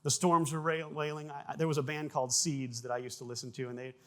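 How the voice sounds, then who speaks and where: A man's voice: fairly high pitch, flat delivery, fast talker. A man preaching a sermon as pastor, in a conversational way with frequent restarts. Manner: conversational preaching with restarts, bursts of loud acted sound effects.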